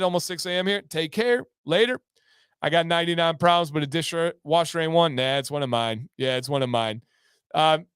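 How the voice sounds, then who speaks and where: An upbeat man hosts a casual livestream from home, reading out viewer comments and breaking into loud whoops. His voice sits high and comes across smooth and clean. The sound is close and dry, with no room around it. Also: no room sound. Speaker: livestream host.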